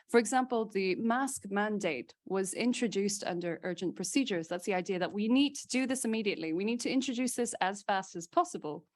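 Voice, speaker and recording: A woman legal scholar giving a seminar lecture to a small audience in a room. She speaks emphatically and with animation, stacks her points in lists and drops playful asides. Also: mid-range voice.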